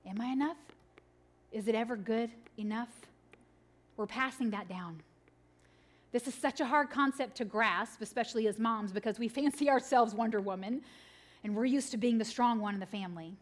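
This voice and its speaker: A woman, preaching a sermon to mothers, swinging from laughing, animated stories to quiet, earnest points. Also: a little high.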